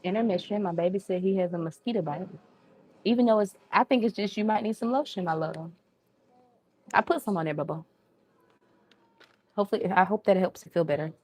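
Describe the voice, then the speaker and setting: A woman's voice: medium pitch, fast talker, a little mellow, a little hiss or hum. Chatty woman with a Southern accent hosting a live cooking stream from her kitchen, casual and friendly with viewers. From Southern United States. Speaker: home cooking livestream host. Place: home kitchen. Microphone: new microphone.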